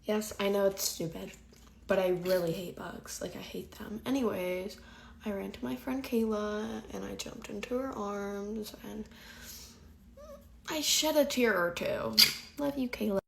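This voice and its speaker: A young woman chats through embarrassing school stories in a get-ready-with-me video, animated and casual. She speaks with a slight lisp. Her pitch sits in a mid range, with faint noise behind her. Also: a little slow, vocal fry. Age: young adult. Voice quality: slight lisp from teeth whitening strips. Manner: chatty, animated, lots of "like".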